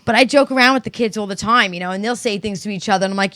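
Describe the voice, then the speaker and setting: A middle-aged woman telling stories in casual chat, profane and animated, acting out what people said. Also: medium pitch, fast talker, few pauses, no room sound. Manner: profane, animated storytelling with acted-out quotes. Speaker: podcast co-host.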